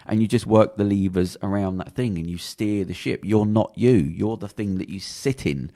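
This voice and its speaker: A British man hosts a casual podcast in a deep, dark voice full of gravel. He talks fast and bluntly, swearing as he rambles from point to point. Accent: British English. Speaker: podcast host.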